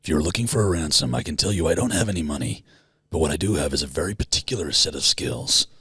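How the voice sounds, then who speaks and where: A man doing a deep, grim action-hero threat. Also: animated, fast, pushed and bright, slightly rough, dry recording, clean studio sound, exaggerated voice. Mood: menacing.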